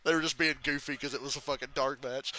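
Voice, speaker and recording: A man's voice: mid-range voice, steady tone, fairly quick, bright, forceful tone, poor audio. A man hosting a live reaction stream, telling stories in loose, profane casual chat and laughing often. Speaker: channel host reacting live to a race.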